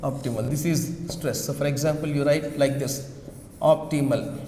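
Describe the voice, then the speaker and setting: A man's voice: a little high, steady tone, moderate pace, darkish tone, slight background noise. A man teaching an English pronunciation lesson, repeating each word several times and spelling letters aloud. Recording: echoey roomy recording with long reverb.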